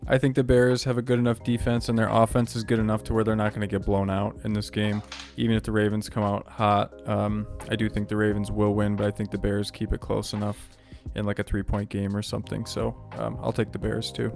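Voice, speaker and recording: A man's voice: on the low side, monotone, fairly quick, gravelly, a little mellow, faint music behind. A man co-hosting a sports betting podcast, giving short, agreeable replies in casual chat. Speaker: podcast co-host.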